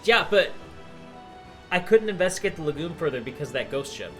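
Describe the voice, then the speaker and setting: A slightly high-voiced man chats easily while playing a video game live, reading viewers' messages aloud and musing about the story. Game music plays clearly underneath his talk. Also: sing-song, brisk, a bit bright. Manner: chatty, reads out chat messages. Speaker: streamer co-host. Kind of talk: casual chat while gaming.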